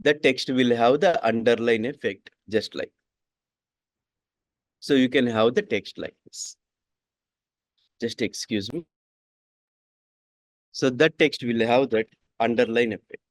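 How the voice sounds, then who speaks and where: Man, coding instructor, repeats himself, very slow pace, dry recording. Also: mid-range voice, no echo. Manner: repeats each sentence twice, slow and deliberate. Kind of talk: classroom coding lesson.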